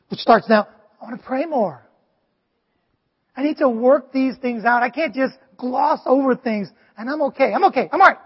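A male pastor giving an animated sermon, often asking the congregation "Amen?". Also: extremely high pitch, breathy edge. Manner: animated, preachy, asks the crowd "Amen?". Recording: dull, long hall reverb.

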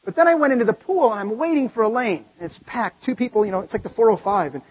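High voiced pastor guy preaching, husky voice, big echoey hall, dull lo-fi sound. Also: fast talker. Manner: animated storytelling, swings between loud exclaiming and quiet earnest tones. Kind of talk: sermon.

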